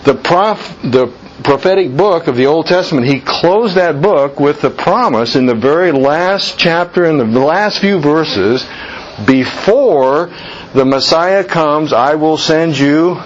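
A man teaching a Bible class as a pastor, speaking with slow emphasis and putting questions to the group. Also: on the high side. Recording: muffled church recording with faint hiss.

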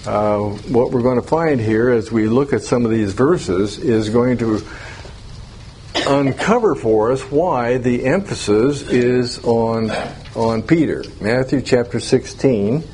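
Man, Bible class teacher, unhurried and conversational, faint room hiss. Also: mid-range voice, darkish tone. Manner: conversational, asks the class questions, chuckles.

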